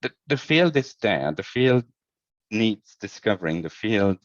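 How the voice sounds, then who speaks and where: A man's voice: fairly low pitch, big pitch swings, unhurried, no echo. A man being interviewed about his work, talking thoughtfully with many restarts and repeated words. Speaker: guest, head of user experience. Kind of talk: conversational podcast interview. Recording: dull, lo-fi remote audio.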